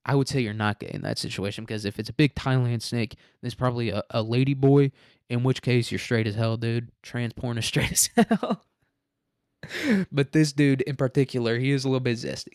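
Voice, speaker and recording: A man's voice: medium pitch, darkish tone, clear, resonant tone, no room sound, studio quality. A young man hosting a casual, crude comedy recap of a story at home, joking a lot, laughing and saying "dude.". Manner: crude joking, says 'dude' a lot, laughs at own jokes. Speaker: host.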